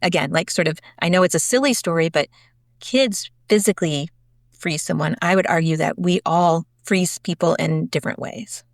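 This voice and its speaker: A woman in her forties, a podcast guest, telling stories in a chatty, animated way with many "like"s and "sort of"s. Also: on the low side, normal speed, no echo, clean studio sound. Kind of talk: conversational storytelling.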